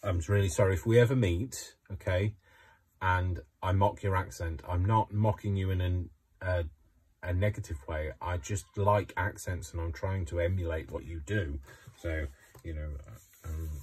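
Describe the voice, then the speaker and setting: A man's voice: low-pitched, fairly even intonation, normal speed, darkish tone, husky. A man from Coventry, chatting casually while crafting, rambling with many fillers. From Coventry, England. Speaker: craft vlogger.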